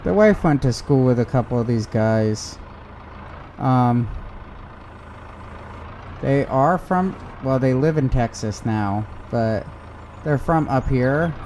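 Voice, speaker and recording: A man talks casually on a game stream, rambling through his stories. His voice is mellow and warm, and a faint hum sits behind him. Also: medium pitch, takes it slowly. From United States. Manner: rambling storyteller who acts out quoted voices.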